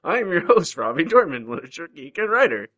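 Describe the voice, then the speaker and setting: A man's voice: on the high side, big pitch swings, quick pace, fairly bright tone. A young adult man hosting a podcast in casual chat, laughing often. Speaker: podcast host.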